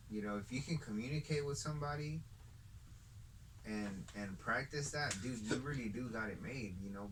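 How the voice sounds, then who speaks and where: Texas dude talking music on a podcast, lots of "you know", sitting far from the mic, faint noise. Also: male voice, lowish voice, a bit bright. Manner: easygoing, filler-heavy. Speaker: musician guest. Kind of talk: casual chat.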